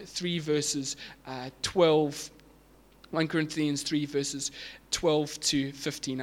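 Male pastor, sermon delivery, emphatic and building; voice a touch higher than most men. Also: fairly bright tone. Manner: emphatic preaching, builds to raised repeated lines.

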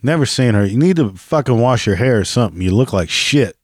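A man's voice: mid-range voice, lively intonation, brisk, no echo, studio quality. A man giving casual, sarcastic and profane reaction commentary on a video he is watching.

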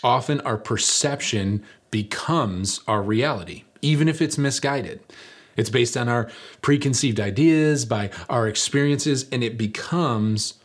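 A man's voice: mid-range voice, measured pace. A middle-aged man preaching a sermon, telling a story in a conversational, self-deprecating way.

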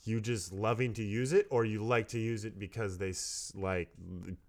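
A man in relaxed casual conversation, asking questions and laughing easily. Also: lowish voice, normal speed. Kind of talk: casual chat.

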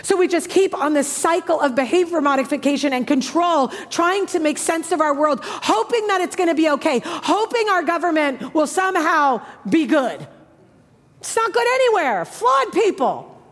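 A woman in her thirties preaching a sermon with passion, moving between hushed, soft lines and emphatic ones. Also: extremely high pitch, lively intonation, moderate pace. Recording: long hall reverb.

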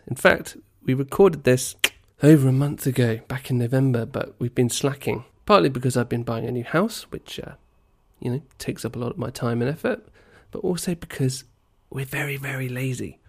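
A man's voice: medium pitch, gravelly, darkish tone. A man hosting a casual podcast, rambling and teasing his co-host, on a poor-quality home mic. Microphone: poor-quality home microphone.

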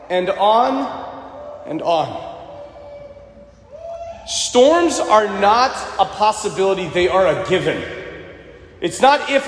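A male pastor preaching a sermon in a church, swinging between loud emphasis and hushed moments. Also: sits high. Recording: echoey hall with faint ambience.

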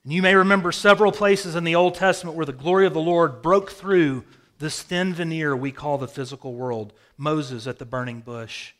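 A man's voice: on the high side, steady tone, moderate pace. Dramatic storytelling male preacher. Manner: storytelling, dramatic swings in loudness. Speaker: pastor. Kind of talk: sermon. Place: rural home with a hayfield.

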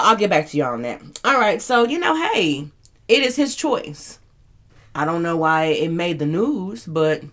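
Woman host, casual commentary, chatty and rambling, low-ish voice. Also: fairly bright tone, a little hiss or hum.

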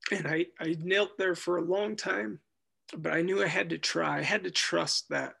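A man giving an earnest personal testimony, halting and restarting as he speaks. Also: high-pitched, steady tone, gravelly, bright, forceful tone, breathy edge. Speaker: guest telling his life story.

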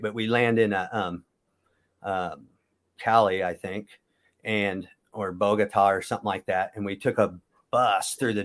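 A man in his fifties from Kansas, a former wrestler telling long stories in a casual interview, often correcting himself as he goes. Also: lowish voice. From Kansas, USA. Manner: rambling, self-correcting storyteller.

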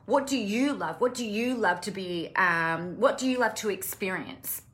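A woman's voice: mid-range voice, normal speed, a bit bright. A woman business coach talking casually to camera, impassioned and blunt, swearing freely. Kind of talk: casual live-stream talk to camera.

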